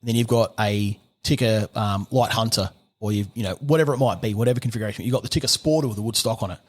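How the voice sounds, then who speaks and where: A man's voice: lowish voice, fast talker, husky. A middle-aged man with an Australian accent, a gunsmith guest on a podcast, explaining at length in casual chat and acting out little bits of dialogue. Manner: rambling, animated explaining with acted-out dialogue.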